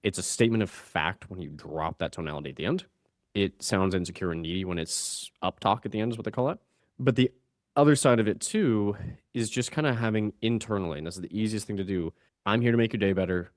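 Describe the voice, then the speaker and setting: A male communication coach on a podcast with a fairly low voice, talking emphatically and swinging his delivery up and down as he acts out quoted voices. He comes across as energetic and sure of himself, in a casual register. The sound is dry and close-miked. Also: fast, no echo.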